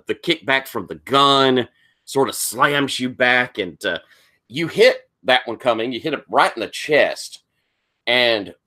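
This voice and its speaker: A man with a bright, forceful voice leads a tabletop game as its master. He paints the action in loose, improvised descriptions and fills the gaps with easy fillers. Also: fairly low pitch.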